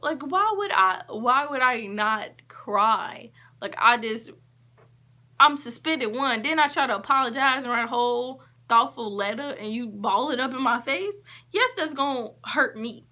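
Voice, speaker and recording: A woman vlogger telling a story in a casual, emphatic way, acting out what people said and shifting between quick and drawn-out phrases. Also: fairly high pitch. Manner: emphatic, animated retelling with quoted dialogue.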